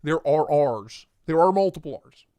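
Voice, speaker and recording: A man's voice: a little high, lively intonation, moderate pace, dark tone, dry recording. A man hosting a casual livestream, joking and reading chat aloud in a playful way. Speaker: livestream host.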